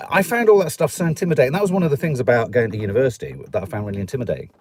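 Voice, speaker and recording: A man's voice: mid-range voice, lively intonation, very fast, few pauses, darkish tone, husky. A middle-aged man with a Stoke accent, hosting a live stream and chatting in a rambling, jokey way. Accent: Stoke-on-Trent English. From England. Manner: chatty, rambling, jokey, puts on voices for people he quotes. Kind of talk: casual chat reading viewer comments.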